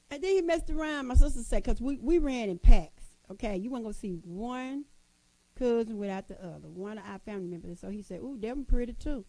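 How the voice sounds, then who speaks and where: A woman in a casual motivational talk to women, folksy and lively, calling her listeners sisters. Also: a little high, dry recording, low-quality recording.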